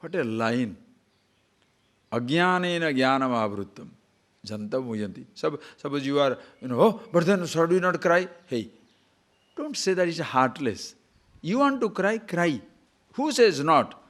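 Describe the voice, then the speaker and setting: This spiritual discourse comes from an older man teaching in a medium-pitched voice, a little slow and marked by long pauses. Animated throughout, he asks rhetorical questions and chuckles occasionally.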